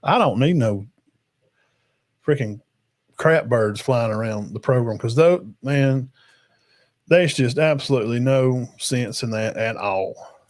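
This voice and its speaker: A man's voice: medium pitch, slow, long pauses. Rambling man hosting a stream. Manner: rambling, emphatic, talks to chat and guests. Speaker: podcast host. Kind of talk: casual livestream chat.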